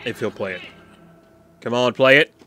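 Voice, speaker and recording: A man's voice: mid-range voice, moderate pace, over music. A man casually walking through a game map he built, rambling and thinking aloud with frequent fillers.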